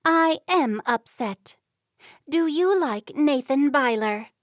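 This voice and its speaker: A woman's voice: sits high, sing-song, slow, no room sound, clean studio sound, voice pushed up, full character voice. A woman voicing a firm, prying middle-aged Amish mother in a storybook reading. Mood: stern.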